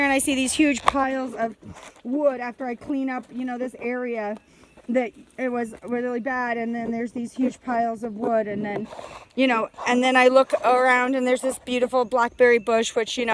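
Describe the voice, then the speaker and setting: A woman's voice: fairly high pitch, slight background noise. A woman talking through her feelings on her homestead in a rambling, heartfelt vlog, full of fillers and restarts, emotional and near tears. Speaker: homesteader vlogger. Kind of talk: emotional personal vlog monologue. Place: outdoors on a homestead.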